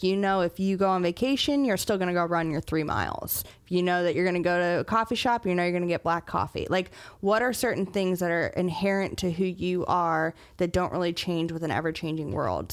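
A young woman hosts a casual faith podcast in a chatty, easygoing way, laughing often and restarting her sentences as she thinks aloud. Her voice sits a little low. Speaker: podcast host.

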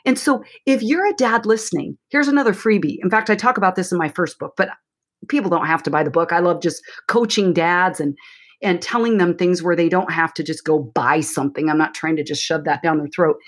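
A woman therapist and author talking in a chatty, animated way as a guest, giving coaching advice to parents. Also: fairly low pitch, a little fast. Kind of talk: advice-giving podcast interview. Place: Portland, Oregon.

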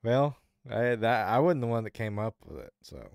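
A man's voice: fairly low pitch, very animated, normal speed, creaky, dry recording, clean studio sound. A man co-hosting a podcast, chiming in with wry, laughing asides in casual chat. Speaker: podcast co-host.

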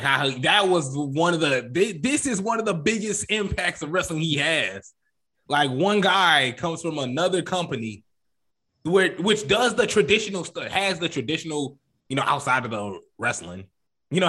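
A man co-hosting a casual wrestling podcast, rambling and animated, acting out quotes in jokey voices. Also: fairly high pitch, moderate pace, husky. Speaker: podcast co-host.

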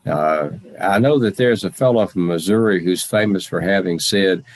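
A man portraying an aging Civil War general and president in first person, speaking with slow, deliberate, formal phrasing. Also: sits low, no room sound, close to an everyday voice. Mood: earnest. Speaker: historical reenactor in character.

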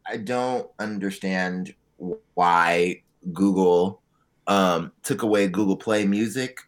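A man co-hosting a podcast in casual chat, telling profane, animated stories with quick asides. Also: sits low. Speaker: podcast co-host.

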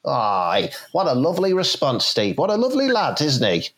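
A man's voice: wildly swooping pitch, normal speed, a bit bright, exaggerated voice. A man playing a blunt, sweary older football manager in a comedy sketch. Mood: approving. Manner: blunt, sweary, swings up and down in pitch.

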